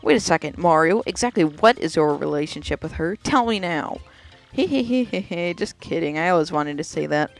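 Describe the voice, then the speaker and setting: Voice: mid-range voice, a little fast, creaky, few pauses, soft background music, natural voice. A let's player voicing a teasing young female goomba in a video game.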